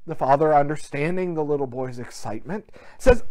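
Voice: mid-range voice, a little fast, hardly any pauses, darkish tone. A pastor giving a sermon to a church without its congregation gathered, telling a story with quoted dialogue in an earnest way.

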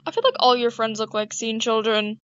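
A young woman with a high, lively voice teases her friend through a game, giggling often. She speaks slowly and easily. The sound is dry and a little dull, like a lo-fi recording. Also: clean tone, no echo. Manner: giggly, teasing, playful. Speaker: gamer. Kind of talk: casual chat while playing.

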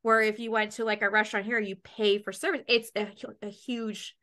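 A woman's voice: medium pitch, little pitch movement, fairly quick, fairly bright tone. A woman in casual conversation, rambling and swearing freely as she acts out scenes in quoted dialogue. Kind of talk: casual chat.

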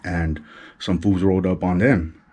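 Deep, dark, slightly rough, and steady, the voice unfolds unhurriedly. It belongs to a middle-aged Chicano vlogger from Los Angeles telling a street story in casual slang, mimicking gunshots with his mouth and keeping his volume low so he won't wake his wife.

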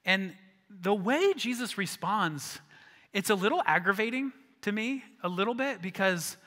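Animated high-voiced preaching man. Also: normal speed. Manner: animated storytelling, acts out disciples, drops to a hush for emphasis. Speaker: pastor. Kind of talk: sermon. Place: church sanctuary. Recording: church hall reverb.

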